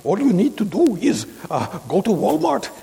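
A man's voice: high voice, huge pitch swings, normal speed, vocal fry, dark tone, pitched above the performer's own voice, full character voice. A man voicing a pushy male phone scammer with a Nigerian accent, in eager salesman patter. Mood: wheedling. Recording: long hall reverb, faint hiss.

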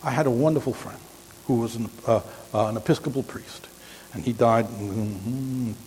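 Older male preacher, mid-pitched, halting storyteller, long hall reverb with faint hiss. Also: a little mellow. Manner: halting, rambling, frequent restarts. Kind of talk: informal sermon storytelling.

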